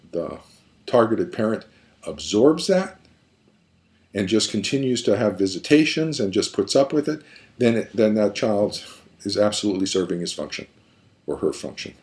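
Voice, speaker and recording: Low-voiced male therapist explaining emphatically. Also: a little mellow. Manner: emphatic, repetitive, building points step by step. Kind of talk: explanatory lecture.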